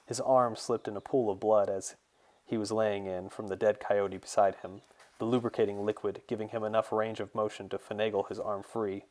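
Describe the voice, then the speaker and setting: A man, the author, reading his fantasy novel in a steady, measured storytelling voice. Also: lowish voice. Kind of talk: audiobook narration.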